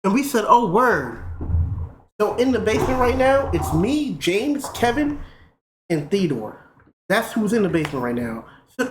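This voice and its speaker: A young man streaming, casually telling a profane, animated story. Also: sits high, a little slow. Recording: roomy with faint noise.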